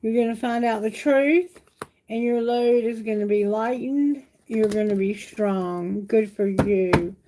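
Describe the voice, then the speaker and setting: A woman's voice: fairly high pitch, a little slow, noisy background. A woman giving a live tarot reading, soothing and repeating reassurances to her viewers. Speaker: tarot reader.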